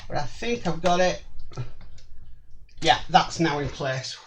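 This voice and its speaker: Slow-talking man building a model. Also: on the high side, expressive, a little hiss or hum, low-quality recording. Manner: slow, apologetic, mutters while working. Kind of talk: hands-on build tutorial.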